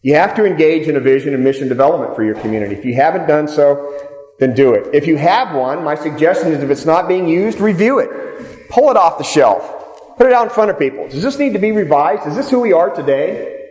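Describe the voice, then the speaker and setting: A man's voice: fairly high pitch, animated, a little fast, darkish tone. Man giving a seminar in an echoey hall. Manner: direct, storytelling, repeats points for emphasis. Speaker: seminar speaker. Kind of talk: seminar talk to a live audience. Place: meeting room with audience. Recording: echoey hall, speaker off-mic at times.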